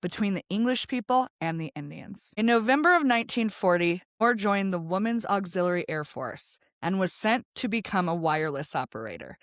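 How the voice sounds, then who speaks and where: A woman's voice: medium pitch, animated, brisk, hardly any pauses, dry recording. A woman co-hosting a podcast, chatting casually and reading history notes aloud with digressions. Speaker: podcast co-host.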